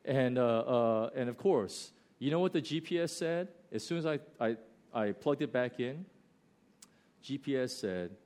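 Animated American preacher, lively pitch. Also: male voice. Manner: animated storytelling, shifts between loud bursts and slow, quiet emphasis. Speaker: pastor. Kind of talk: sermon.

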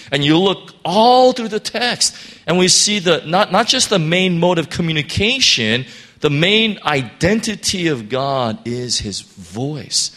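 Bright-voiced man teaching the Bible. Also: medium pitch. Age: adult parent of a school-age child. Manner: earnest, reads scripture aloud and stumbles into restarts.

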